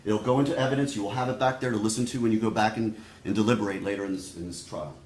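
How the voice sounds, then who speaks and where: A man's voice: fairly low pitch, steady tone, darkish tone. Male prosecutor in an echoey courtroom. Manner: deliberate, speaks straight to the jurors. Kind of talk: opening statement to a jury.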